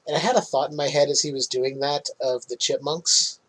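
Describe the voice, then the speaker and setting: This male podcaster chats his way through a film recap, cursing liberally and cracking himself up with his own jokes. He speaks fairly quickly in a steady, somewhat high voice that's a bit bright and slightly rough, on a rough recording.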